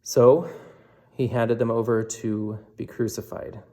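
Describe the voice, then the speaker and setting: A man giving a measured, solemn scripture reading for a worship service. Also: mid-range voice, steady tone, dark tone. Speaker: scripture reader.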